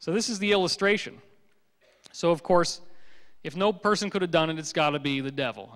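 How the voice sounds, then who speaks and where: A man giving a public lecture, telling stories in a joking, animated way. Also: fairly high pitch, fairly quick, long reverb tail.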